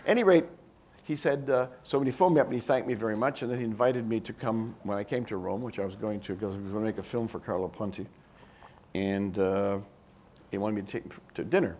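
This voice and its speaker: A man's voice: on the low side, fast talker, slight background noise. An older man telling anecdotes as a guest speaker at a university event, acting out other people's dialogue. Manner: animated, acts out quoted dialogue. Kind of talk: anecdotal storytelling at a talk.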